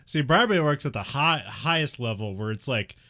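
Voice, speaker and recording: A man's voice: medium pitch, lively intonation, brisk, sharp tone. A man co-hosting a casual chat, recapping a film with frequent laughs and many fillers. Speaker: podcast co-host.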